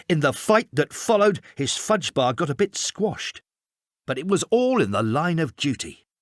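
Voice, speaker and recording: A man reading a storybook aloud in a measured, expressive way. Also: on the high side, no echo, studio quality. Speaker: storybook reader. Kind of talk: storybook narration.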